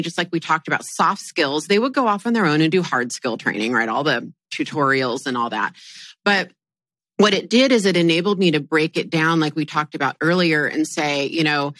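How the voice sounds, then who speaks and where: A woman hosting a casual podcast chat, animated and quick to laugh, full of restarts. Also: fairly low pitch, no echo. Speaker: podcast host.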